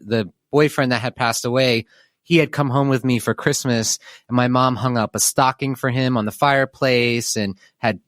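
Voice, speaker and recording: A man's voice: mid-range voice, dry recording, clean studio sound. A man hosting a podcast who chats in an upbeat way and tells stories freely. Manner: upbeat, chatty storyteller. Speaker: podcast host. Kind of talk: casual interview chat.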